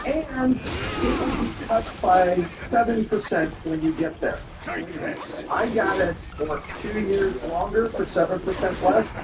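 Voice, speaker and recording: A man's voice: high voice, expressive, takes it slowly. A man co-hosting a casual podcast chat, opinionated and rambling, with jokey asides. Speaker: podcast co-host. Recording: roomy, distant mic with background noise.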